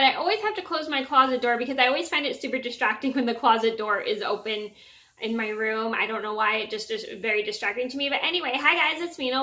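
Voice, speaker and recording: A woman with a bright, slightly high voice tells a story to her channel's viewers. She talks earnestly and repeats words and restarts her sentences often. The sound is echoey, as if she is in a bare room. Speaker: vlogger. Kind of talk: casual storytelling vlog.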